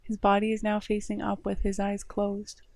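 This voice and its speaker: A woman's voice: mid-range voice, monotone, moderate pace, creaky, a little mellow, no room sound. Woman streamer reading a visual novel. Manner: reads narration with short laughing asides. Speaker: game streamer.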